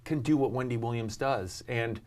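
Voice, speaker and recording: A man's voice: mid-range voice, normal speed, darkish tone. Middle-aged man from New York, rambling interview guest, self-deprecating, plenty of ums. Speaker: actor and talk show host, guest. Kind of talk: casual interview chat.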